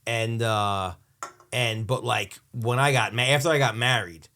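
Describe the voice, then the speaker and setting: A man in his thirties co-hosting a podcast, talking in a halting, reflective way with many restarts. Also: mid-range voice, steady tone, pushed and bright, slight background noise. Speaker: podcast co-host. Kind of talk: casual chat.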